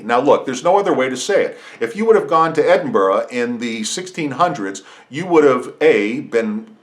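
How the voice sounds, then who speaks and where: A middle-aged man hosting a podcast, talking through an opinionated monologue with frequent restarts and asides. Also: mid-range voice. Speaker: podcast host. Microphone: podcast microphone.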